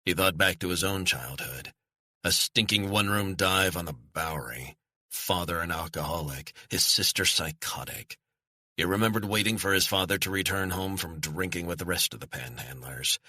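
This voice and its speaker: Deep dry-voiced guy reading a thriller audiobook, steady measured pace, close mic. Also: no echo. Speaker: audiobook narrator. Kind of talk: scripted thriller narration.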